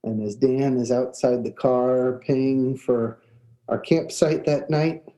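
Mellow-voiced man preaching conversationally. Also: mid-range voice, fairly even intonation, rough recording. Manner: conversational, with restarts and pauses. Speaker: pastor. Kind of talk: storytelling sermon.

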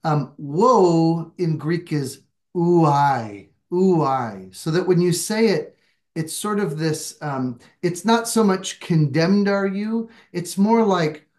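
Bible study leader on a video call, thinks out loud, a bit self-deprecating. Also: medium pitch, takes it slowly. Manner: reflective, searching, self-deprecating. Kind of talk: leading a group discussion.

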